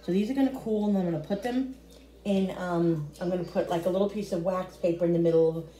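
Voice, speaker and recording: Casting note: middle-aged woman, chatty cooking vlogger, mellow tone, roomy kitchen sound with faint background hum. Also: fairly low pitch, quick pace. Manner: chatty, talks straight to viewers. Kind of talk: casual cooking chat. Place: home kitchen.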